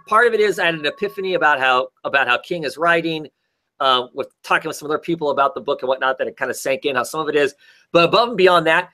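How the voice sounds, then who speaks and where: Bright-voiced man reviewing comics. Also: a little high. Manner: rambling, frequent fillers and restarts, enthusiastic retelling. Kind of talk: casual review vlog.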